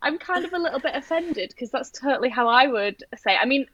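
A woman's voice: high-pitched, expressive, fast talker, fairly bright tone, lo-fi sound. A woman talking casually about her flower farm, chatty and full of fillers and restarts. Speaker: guest flower farmer. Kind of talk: casual podcast chat.

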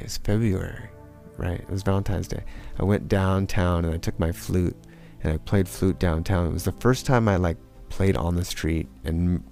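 Gravelly low-voiced man telling road stories. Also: dark tone. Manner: profane, rambling, with lots of fillers; acts out quotes in a raised, mocking voice. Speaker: storyteller. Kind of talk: casual personal storytelling.

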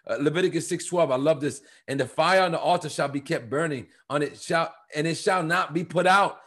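Guy preaching on a church podcast, kinda high voice, gets fired up quoting verses. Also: a little fast. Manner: emphatic, animated, quotes scripture with rising fervor. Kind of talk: preaching conversational Bible talk.

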